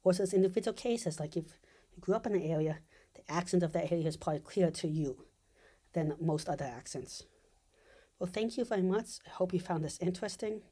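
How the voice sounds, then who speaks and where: A woman's voice: lowish voice, fairly quick, mellow, slightly rough. A woman closing her video in a casual vlog style, earnest and a little hesitant as she asks viewers for support. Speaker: YouTuber.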